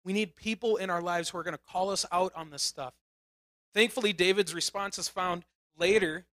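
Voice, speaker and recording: A man preaching a casual sermon, retelling the story in an animated way with emphatic bursts. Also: high voice, moderate pace, no room sound.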